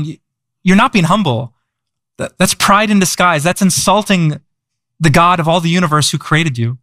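A man's voice: high-pitched, lively intonation, moderate pace, pauses often, sharp tone, dry recording, studio quality. A man preaching a sermon as pastor, conversational, repeating words and asking the audience questions. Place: church.

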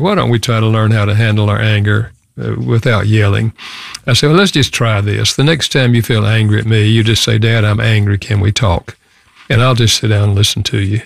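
An older man, a guest author, earnestly telling a personal story in a radio interview, reflective and halting with fillers. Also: on the low side, gravelly, dry recording.

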